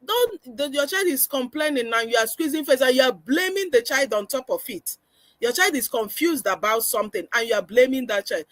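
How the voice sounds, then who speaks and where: A woman's voice: high-pitched, lively intonation, brisk, no room sound. A woman giving a parenting webinar lecture, earnest and instructive, often acting out how parents should talk with children. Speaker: parenting coach.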